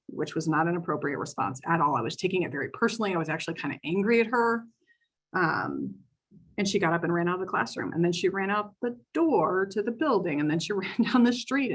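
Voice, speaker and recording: Husky-voiced woman telling a teaching story. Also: on the low side, a bit bright. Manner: conversational, frequent fillers like "like" and "you know". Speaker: education administrator giving a training talk. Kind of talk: personal story in a professional training talk.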